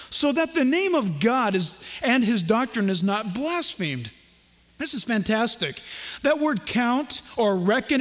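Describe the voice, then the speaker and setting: Pastor, male, high voice, folksy sermon delivery with jokey asides; long hall reverb. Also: a bit bright. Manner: folksy, jokey asides, acts out little dialogues.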